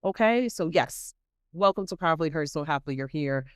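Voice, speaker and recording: A woman hosting a motivational podcast on a close microphone. She speaks emphatically and repeats herself, calls her listeners queens and y'all, and swings between excited bursts and soft, intimate asides. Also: low-pitched, fairly quick, clear, resonant tone, no room sound. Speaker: podcast host. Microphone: close studio microphone.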